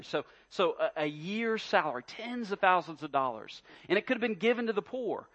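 Man, pastor preaching, emphatic, repeats words, rhetorical questions, slightly high voice, muffled lo-fi recording. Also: expressive, normal speed, few pauses, a bit bright. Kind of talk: sermon.

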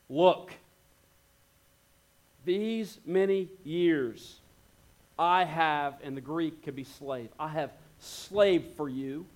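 Expressive male preacher, slightly high voice. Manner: expressive, acts out quoted lines with shifting tone. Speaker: pastor. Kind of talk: sermon.

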